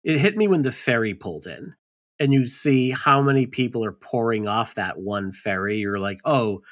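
A man's voice: mid-range voice, animated, normal speed. A man co-hosting a podcast, chatting casually about a film and rambling with lots of filler words. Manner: rambling, lots of "like" and "you know". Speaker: podcast co-host.

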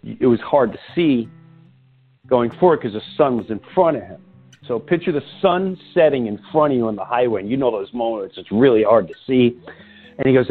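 A man hosting a podcast, telling an animated story full of quoted dialogue in an excited, breathless way. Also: medium pitch, fairly quick, husky, soft background music. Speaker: podcast host. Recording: tinny phone-line sound.

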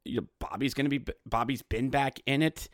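A man hosting a solo hockey fan podcast, ranting in an animated, exasperated way and mimicking other fans. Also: mid-range voice, brisk, no echo, studio quality. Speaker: podcast host.

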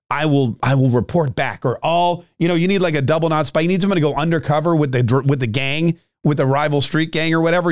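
A man's voice: fairly high pitch, no echo, studio quality. Joking, rambling male podcast host. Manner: joking, self-mocking asides; restarts and trails off often. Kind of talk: rambling political commentary.

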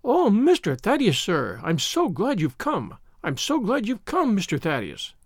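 A man's voice: high voice, huge pitch swings, measured pace, dry recording, studio quality, heavily acted. A man voicing a frightened, tearful old female housekeeper in a pleading, trembling way. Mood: overjoyed, tearful.

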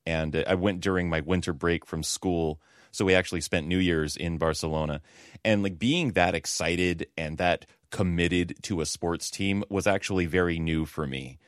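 Very low-voiced man, dry sound. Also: normal speed, no echo. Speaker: podcast host. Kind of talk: casual chat.

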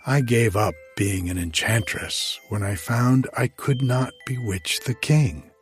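A man voicing a young woman, a gentle scullery maid who becomes queen, in a soft, slightly raised voice in a storybook reading. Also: medium pitch, takes it slowly, close to an everyday voice. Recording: faint music behind.

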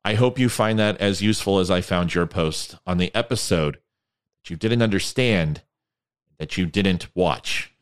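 Guy hosting his own show, lowish voice, rambling and sarcastic. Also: measured pace, smooth. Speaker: podcast host. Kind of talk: casual monologue.

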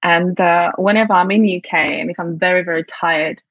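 A woman's voice: on the low side, fairly even intonation, moderate pace, no echo, narrow, tinny audio. A woman from Poland with a British accent touched by her Polish mother tongue, a guest speaking reflectively with many fillers. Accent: Polish-tinged British English. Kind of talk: interview conversation.

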